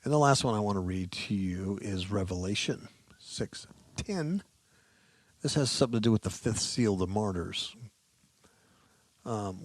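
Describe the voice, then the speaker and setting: A man with a very low, gravelly voice preaches with fervor, dropping to quiet asides and then rising to loud, drawn-out scripture readings. His tone is husky, and the recording is dry and close. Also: no room sound. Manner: impassioned, swings from low mutters to loud emphatic reading; repeats words and phrases for emphasis. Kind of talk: sermon.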